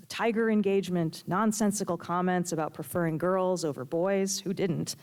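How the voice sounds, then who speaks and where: Woman reading her novel aloud. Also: fairly low pitch. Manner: steady storytelling delivery. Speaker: author reading her fiction. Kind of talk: prose reading.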